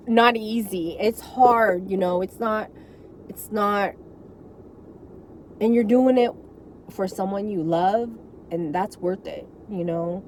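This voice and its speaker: A woman's voice: fairly high pitch, a little hiss or hum. A woman candidly telling her caregiving story in an unscripted, emotional talk from inside a car, full of asides. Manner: frank, emotional, rambling with many asides. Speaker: vlogger sharing caregiving story.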